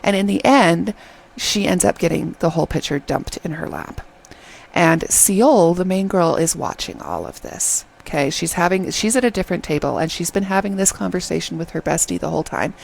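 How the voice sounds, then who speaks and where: Woman, casual review vlog, chatty and animated, gravelly voice, husky. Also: on the low side, normal speed, rough recording. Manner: chatty, animated retelling, keeps asking "okay?". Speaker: drama reviewer.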